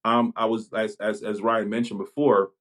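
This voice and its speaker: A Jamaica-born man, a pastor and police chaplain, talking things through in a podcast conversation, pausing and restarting his sentences as he thinks. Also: fairly low pitch, flat delivery. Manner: reflective, halting, many restarts.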